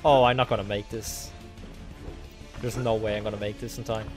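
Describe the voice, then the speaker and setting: A man's voice: on the low side, moderate pace. Young guy gaming, cussing at the game and getting worked up, game music going behind him. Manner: excitable, swears a lot at the game. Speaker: gaming video host. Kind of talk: let's play commentary.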